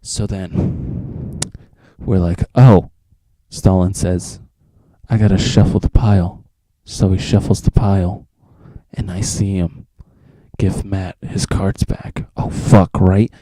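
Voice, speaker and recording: A man's voice: sits low, little pitch movement, slow pace, warm tone, dry recording. A teenage man telling a rambling, profane story in a casual vlog, acting out his friends' lines.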